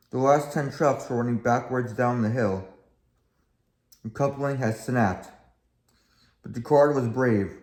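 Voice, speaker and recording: A man's voice: mid-range voice, measured pace, pauses often, a little mellow. Man reading a storybook aloud. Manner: plain, with small slips. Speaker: reader. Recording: echoey room, faint background.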